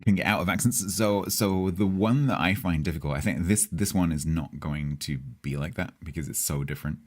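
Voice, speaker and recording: Brief: game streamer, male, Southeast English accent, very low voice, chatty and rambling, reads chat aloud. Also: brisk, a little mellow. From Southeast England. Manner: rambling, chatty, with hesitations and laughs. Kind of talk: casual live-stream chat with viewers.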